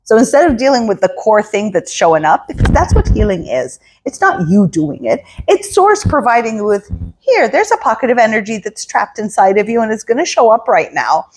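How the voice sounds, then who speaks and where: A woman talks as a spiritual coach in an unscripted motivational monologue. Her pitch swings widely and expressively, and her voice carries a soft, airy breathiness. She slips into quoted inner voices to act out feelings. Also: very animated, a little fast, slightly rough. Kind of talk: casual motivational talk.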